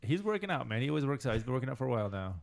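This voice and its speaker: A man's voice: mid-range voice, sing-song, very fast, vocal fry, a little mellow. A man co-hosting a podcast, talking casually and joking, often restarting his sentences. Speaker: podcast co-host. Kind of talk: casual chat.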